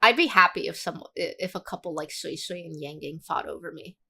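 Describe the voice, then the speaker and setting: A woman livestreamer giving casual commentary in an animated, crude and rambling way. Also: on the low side, brisk, husky.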